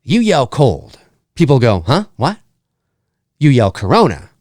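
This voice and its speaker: A man doing a quick impression of a blustering middle-aged small-town mayor from a film, copying the cadence rather than the voice. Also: medium pitch, huge pitch swings, a little mellow, no echo, studio quality. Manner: imitates the character's cadence, not his voice.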